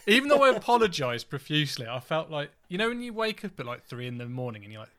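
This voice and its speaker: A man's voice: a little high, very animated, fast, a crowd in the background. A man co-hosting a podcast, telling rambling anecdotes in an easygoing way and laughing at himself. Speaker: podcast co-host. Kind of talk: casual chat.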